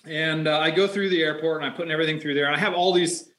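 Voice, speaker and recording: A man's voice: on the high side, steady tone, racing, fairly bright tone, roomy sound. A man in casual chat, telling a rambling anecdote with lots of fillers. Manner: reactive, chatty, rambling.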